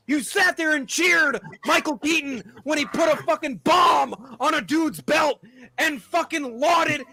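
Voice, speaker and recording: A man on a live podcast rants heatedly, swearing often and breaking into yells. His voice is very high and piercingly bright. The sound is close and dry. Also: dry recording. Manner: heated, profane, yelling rants. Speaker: podcast co-host. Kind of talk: profane ranting on a live podcast.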